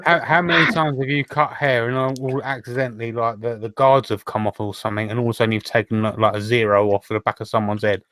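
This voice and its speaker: A man's voice: mid-range voice, steady tone, fast talker, hardly any pauses, fairly bright tone. A man co-hosting a podcast, thinking aloud with stammers and hedges. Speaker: podcast co-host. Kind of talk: casual podcast chat.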